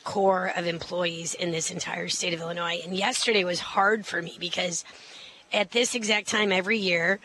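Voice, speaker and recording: Middle-aged woman candidate, bright tone, confident, quick, filler-heavy interview answers. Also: on the low side, steady tone, low-quality recording. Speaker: mayoral candidate.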